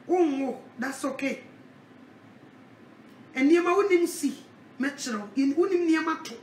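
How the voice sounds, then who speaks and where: A woman preaching a sermon, animated, with a repeated call-out refrain. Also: high-pitched, a little slow, distant mic, slight background noise. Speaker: evangelist. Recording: echoey, from off the mic.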